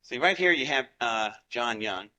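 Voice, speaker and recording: Southern guy talking to a crowd, really bright punchy voice, folksy jokey stories. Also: mid-range voice, lively intonation, normal speed. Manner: chatty, joking asides to the crowd. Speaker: speaker addressing a live audience. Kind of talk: folksy storytelling lecture.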